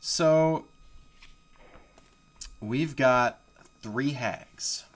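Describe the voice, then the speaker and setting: A man's voice: medium pitch, very slow. A man running a live tabletop game as game master, narrating in a casual, rambling way full of fillers.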